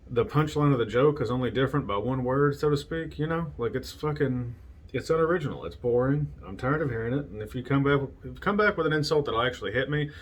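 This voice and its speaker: A man's voice: medium pitch, fast talker. Man, solo podcast host, blunt and profane, casual storytelling, laughs at himself. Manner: profane, blunt, laughs at his own stories.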